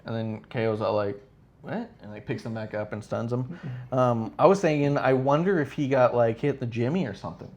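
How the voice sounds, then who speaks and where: A man chatting on a casual wrestling podcast, talking with a lot of animation. He breaks into exaggerated high-pitched impressions when recapping moments. His voice sits in an ordinary mid range. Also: fairly quick, darkish tone. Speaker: podcast co-host. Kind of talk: casual chat.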